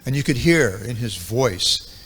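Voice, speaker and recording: A man's voice: medium pitch, expressive, measured pace, fairly bright tone, breathy edge. A man in his seventies giving a devotional talk at a temple, telling stories from memory in a reflective way with many ums and uhs. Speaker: temple speaker. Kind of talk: reminiscing devotional lecture.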